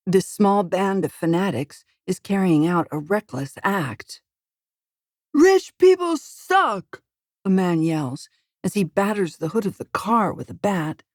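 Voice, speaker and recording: A woman reads a first-person thriller audiobook in a slow, deliberate delivery with a slightly low voice. The recording is close and dry, with no room sound. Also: no room sound. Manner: measured, steady, dramatic. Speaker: audiobook narrator.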